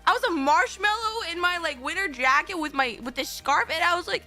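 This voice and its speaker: A young woman streamer telling a rambling, animated story on stream, swearing casually and stopping to act out what people said. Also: extremely high pitch, a little fast, faint music behind. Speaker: VTuber streamer.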